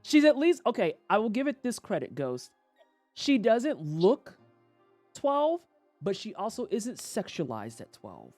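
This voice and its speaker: Brief: woman game streamer, lively swooping pitch, dry close sound, profane rants. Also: measured pace, dry recording, faint music behind. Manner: animated, profane ranting with quoted voices. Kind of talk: casual livestream commentary.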